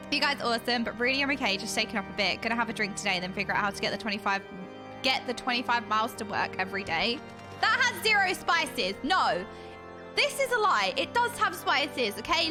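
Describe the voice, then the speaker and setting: A woman's voice: high-pitched, bright, forceful tone. A young woman streaming a game, chatting and giggling with her viewers. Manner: bubbly, giggly, chatty, reacting to chat. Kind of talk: casual chat with livestream viewers. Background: background music.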